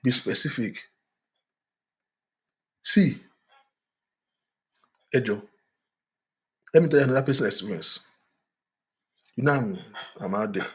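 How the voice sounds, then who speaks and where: A man's voice: medium pitch, lively intonation, measured pace, pauses often. Emphatic man giving frank advice. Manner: emphatic, preachy, switches into Yoruba. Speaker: relationship talk host. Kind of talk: frank relationship advice monologue.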